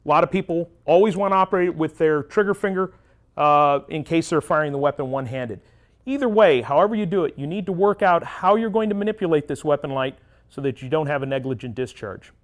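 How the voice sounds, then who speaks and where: A man with a fairly high voice gives hands-on gear advice. He talks practically and directly, like an instructor at the range. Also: lively intonation, fast talker. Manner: practical, advisory. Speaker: firearms instructor. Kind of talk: instructional explanation.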